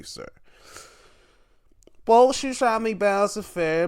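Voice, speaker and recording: A man hosting a podcast, casually recapping wrestling matches with lots of sighs and swearing. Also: mid-range voice. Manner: animated, swearing, frequent sighs. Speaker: podcast host.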